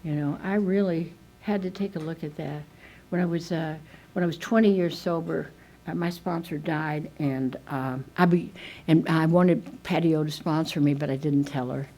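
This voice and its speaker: A woman's voice: deep voice, moderate pace, warm tone, rough recording. An older woman sharing her story at a recovery meeting, a chatty, self-mocking storyteller who restarts her sentences often. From United States. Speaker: AA speaker. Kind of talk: speaker meeting share. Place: meeting room.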